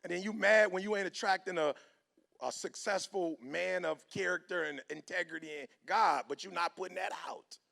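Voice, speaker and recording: This middle-aged motivational speaker has a high, creaky voice and keeps a moderate pace. Preaching with animation, he acts out both sides of each story in quoted voices.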